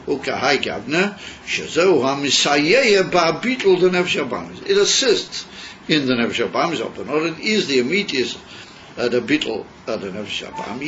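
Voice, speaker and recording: A man giving a yeshiva class lecture, mixing English with Yiddish and Hebrew terms and pausing often with fillers. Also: medium pitch, fairly bright tone. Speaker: Torah teacher. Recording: dull lo-fi class recording with faint noise.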